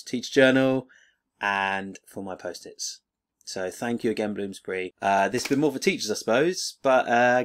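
Rambling, excitable middle-aged man. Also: on the low side. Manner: enthusiastic, rambling with many fillers and restarts. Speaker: teacher and video creator. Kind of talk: casual unboxing vlog.

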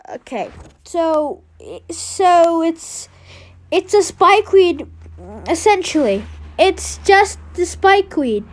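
A young woman giving casual, excitable gameplay commentary, trash-talking and trailing off into mutters. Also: very high voice, slow. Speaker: game streamer.

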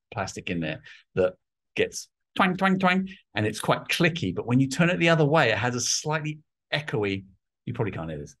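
A middle-aged man telling stories in a casual interview chat, acting out voices from his childhood. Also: mid-range voice. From England. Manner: animated storyteller, acts out childhood voices. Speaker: guest artist.

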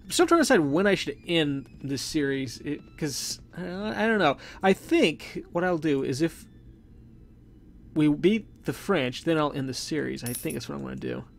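Gravelly man thinking aloud over gameplay. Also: a little high, lively intonation, normal speed. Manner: chatty, thinking aloud, self-correcting. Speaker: gameplay commentator. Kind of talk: casual let's play commentary. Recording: game music playing faintly behind.

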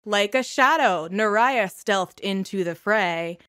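A woman's voice: mid-range voice, takes it slowly, sharp tone, clear, resonant tone, no room sound. A charming, vain young man on the verge of tears, as a woman puts him on, rambling and pleased with himself. Heard close and dry in a tabletop game. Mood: recital. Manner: rambling, self-admiring.

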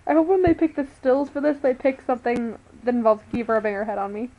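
A woman's voice: fairly high pitch, animated, fast talker, dark tone, dull audio. A woman vlogging to her webcam at home, rambling and chatty, exasperated with her pet. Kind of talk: casual talk to a webcam.

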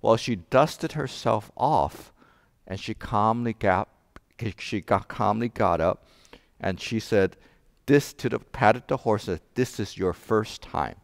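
A man preaching a sermon as pastor, telling a joke and then explaining scripture with animated rhetorical questions. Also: on the low side, slow pace, gravelly, no room sound, clean studio sound. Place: church sanctuary.

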